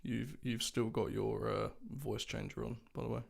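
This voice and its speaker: A man hosting a casual coding livestream, chatty and relaxed as he greets viewers. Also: lowish voice, moderate pace, vocal fry. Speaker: livestream host, developer.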